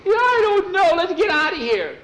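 A man's voice: wildly swooping pitch, moderate pace, a bit bright, reverberant, slight background noise, exaggerated voice, low-quality recording. A man voicing a frightened boy who shrieks in panic to get away. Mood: panicked. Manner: shrill, panicky yelps. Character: scared jumpy boy Skeeter, panicky.

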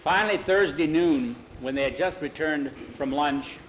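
Guy telling a story slow and easy, kinda highish voice, muffled recording w/ faint hiss. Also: fairly bright tone. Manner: unhurried, drawn-out storytelling. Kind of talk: told story with acted dialogue.

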